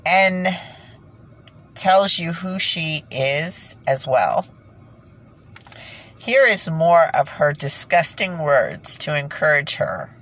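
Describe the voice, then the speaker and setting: Low, slow-talking woman ranting indignantly. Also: animated, fairly bright tone, rough recording. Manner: indignant, ranting, with nervous laughs and sighs. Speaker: vlogger. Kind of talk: casual monologue to camera.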